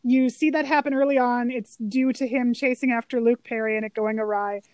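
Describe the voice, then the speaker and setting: A fairly high-voiced woman co-hosting a casual film chat, enthusiastic and quick to laugh. Her voice sounds dry and close to the mic. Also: fairly even intonation, a little mellow, no room sound. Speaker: podcast co-host.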